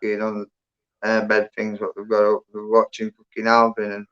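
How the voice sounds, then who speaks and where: Low-ish, monotone, and a bit bright, this English man's clean voice moves at a moderate pace as he tells rambling stories as a livestream guest. He swears heavily and keeps tacking on "and that," though the stream itself sounds dull and lo-fi.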